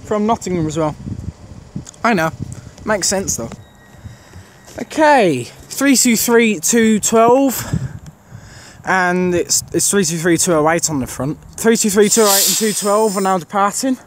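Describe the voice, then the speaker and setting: High-voiced man spotting trains outdoors. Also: expressive, unhurried. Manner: reads out train numbers and services, self-correcting. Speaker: trainspotter vlogger. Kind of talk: casual trainspotting commentary. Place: outdoors on a railway station platform. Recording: loud outdoor station noise.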